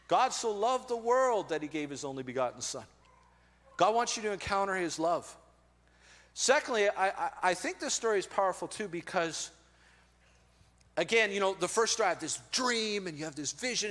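A man in his forties preaching a sermon as pastor, telling stories with animated energy and then softening to earnest, quiet tones. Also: sits high. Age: 40s. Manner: animated storytelling, drops to soft earnest tones. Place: church auditorium. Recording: long reverb of a large hall.

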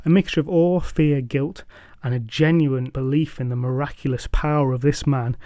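A man's voice: mid-range voice, fairly even intonation, mellow, no room sound. Dry, wry male storyteller. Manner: measured, dramatic, wryly humorous. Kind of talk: scripted storytelling narration.

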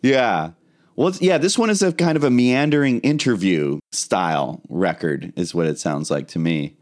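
A man co-hosting a casual music podcast, talking in a relaxed, offhand way and sharing background facts. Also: low voice, moderate pace. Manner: relaxed, offhand, does the research. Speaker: podcast co-host. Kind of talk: casual chat.

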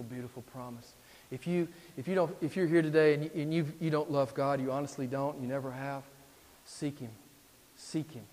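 A male pastor preaching a sermon, emphatic and repetitive, swinging between loud exhortation and hushed appeals. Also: a little high. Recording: long reverb in a large hall.

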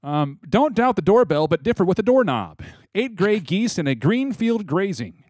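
A man's voice: high voice, normal speed, no echo, studio quality. A man co-hosting a casual podcast, reading tongue twisters and joking with friends, laughing often. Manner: jokey, laughing often, animated. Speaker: podcast co-host.

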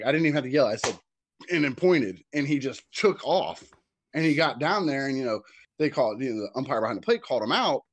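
A man co-hosting a podcast, a youth baseball coach telling a game story in casual chat, animated and acting out what people shouted. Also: medium pitch, no room sound. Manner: animated storyteller who acts out shouted quotes.

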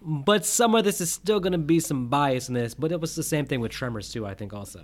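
A man's voice: a little high, lively intonation, fairly quick. A man hosting a casual movie review podcast, methodical and teasing with his co-host.

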